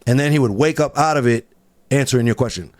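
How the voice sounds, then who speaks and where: A man telling studio stories in casual podcast chat, animated and laughing often as he acts out what others said. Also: medium pitch, fast. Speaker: studio engineer guest.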